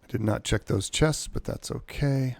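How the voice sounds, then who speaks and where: Here the streamer's voice sits mid-range, gravelly yet a bit mellow, at a normal speed with no echo. Still live on the pirate game, he gives rambling, self-correcting explanations of his rules and mutters to himself mid-play in casual commentary.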